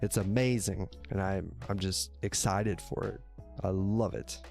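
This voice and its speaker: A man's voice: low-pitched, steady tone, a little slow, gravelly, darkish tone, faint music behind. A man hosting his own livestream show, talking casually to viewers, rambling and correcting himself, with plenty of cursing. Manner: rambling, self-correcting, cursing, laughs often. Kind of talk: casual solo livestream talk. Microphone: desk microphone.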